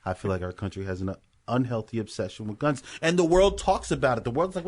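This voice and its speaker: A man's voice: mid-range voice, fast, darkish tone. An American man co-hosting a podcast, ranting emphatically with heavy swearing in casual chat. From United States. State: high. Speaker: podcast co-host.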